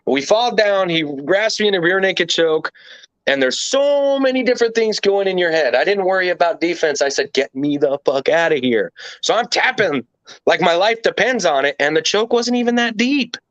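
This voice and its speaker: A man's voice: high voice, big pitch swings, normal speed, a bit bright, no echo. A man being interviewed, telling a story casually and animatedly, with plenty of swearing and rambling asides. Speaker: interview guest. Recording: dull lo-fi dry recording.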